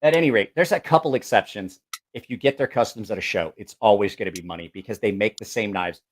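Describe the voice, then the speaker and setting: A fast-talking man with a lowish voice hosts a casual podcast chat over slight background noise. He's a knife sharpener and a blunt, profane storyteller who acts out both sides of his anecdotes.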